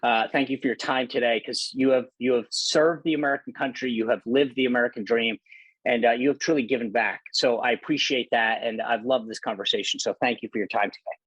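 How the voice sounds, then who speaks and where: A middle-aged man hosting a casual podcast interview, animated, laughing often and restarting his sentences. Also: medium pitch, fairly quick, husky, dry recording. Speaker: podcast host. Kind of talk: casual interview with rapid-fire questions.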